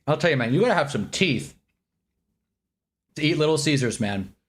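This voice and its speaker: A man's voice: fairly high pitch, lively intonation, moderate pace. A man reacting live on a stream, rambling and annoyed, joking and talking while he eats.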